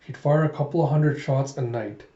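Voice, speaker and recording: An easygoing former general, matter-of-fact and unhurried, read by a man. His voice is dark and mellow, and the room rings a little. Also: medium pitch, reverberant, muffled recording, natural voice. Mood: calm. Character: laid-back male former general, wry.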